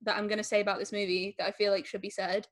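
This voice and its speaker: A woman talking casually about a film, excited and chatty. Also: medium pitch, rapid-fire. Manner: excited, laughing often, chatty.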